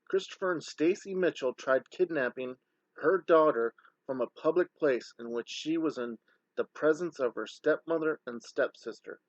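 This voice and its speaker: A man talking in a heated, scornful commentary voice-over, throwing insults as he lays out his case. His voice sits at an ordinary middle pitch. The sound is dry and close, with a muffled, lo-fi edge. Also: no room sound. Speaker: online scam-exposing commentator.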